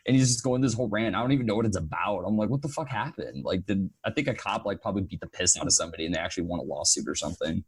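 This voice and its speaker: Fast-talking, profane man. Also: low voice, husky, no room sound. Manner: profane, ranting. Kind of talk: casual chat.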